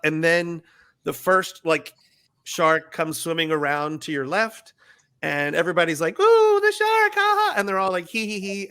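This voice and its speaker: A middle-aged former ride skipper with a sharp-toned voice tells stories in a casual interview. He acts out the riders' squeals in a high voice.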